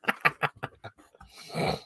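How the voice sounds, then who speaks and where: A man's voice: very slow, bright, forceful tone, no echo. A man hosting a livestream, chatting casually and reading viewer comments aloud, laughing often and swearing freely. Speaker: livestream host.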